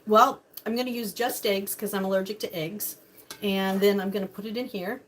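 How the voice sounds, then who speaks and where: The host of this casual cooking live stream is an older woman in her home kitchen who greets her viewers by name, chatty and bubbly. She speaks at normal speed in a steady, medium-pitched voice, over a little hiss or hum.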